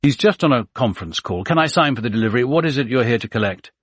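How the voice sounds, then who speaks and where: A man's voice: medium pitch, expressive, fast, breathy edge, no room sound, pitched above the performer's own voice. A man voicing a posh English woman in her forties at her front door. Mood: brisk, impatient. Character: middle-aged posh English woman, irritated then alarmed.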